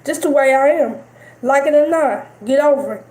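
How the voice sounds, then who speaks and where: High-pitched woman streamer, defiant, keeps repeating herself, echoey room, faint music. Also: moderate pace, a little mellow. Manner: defiant, repetitive, dismissive. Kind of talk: live-stream rant.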